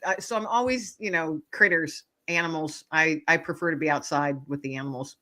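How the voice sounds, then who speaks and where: A woman author, a guest on an interview show, telling animated stories with plenty of laughter and acted-out voices. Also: low voice, a little fast. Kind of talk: casual storytelling interview.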